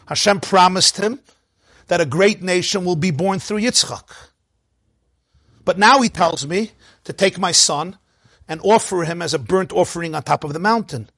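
A man with a high, very lively voice leads a Torah class, bouncing between rhetorical questions and quick jokes. His delivery is animated and playful. The recording is dry and close. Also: no echo. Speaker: rabbi teaching a class.

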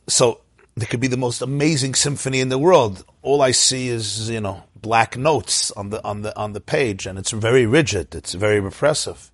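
A man's voice: medium pitch, normal speed, no room sound. A man teaching an informal Torah class, telling stories, asking his listeners questions and chanting Hebrew verses.

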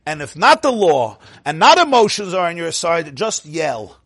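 Husky animated man telling stories. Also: fairly high pitch, normal speed, no room sound. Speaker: Torah speaker. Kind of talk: lively storytelling talk.

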